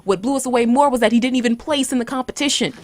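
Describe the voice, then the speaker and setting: A woman with a Southern US accent, a guest cosplayer and actress, tells stories in a lively way and acts out the voices of people she quotes. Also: a little high, rapid-fire. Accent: Southern US, Georgia. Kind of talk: animated storytelling in an interview.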